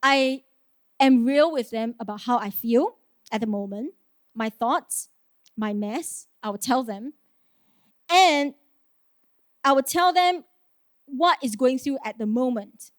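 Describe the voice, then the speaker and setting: High-voiced woman preaching a sermon. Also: animated, slow, pauses often, no echo, clean studio sound. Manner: earnest, conversational, with rhetorical questions and light laughs.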